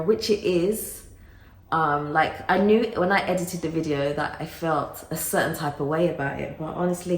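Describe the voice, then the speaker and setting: A woman's voice: sits low, a little hiss or hum. A middle-aged woman chatting casually to camera in her kitchen, exclaiming and talking straight to her viewers. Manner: expressive, exclaiming, talks to camera. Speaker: vlogger. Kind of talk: casual vlog chat. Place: home kitchen. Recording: roomy kitchen echo.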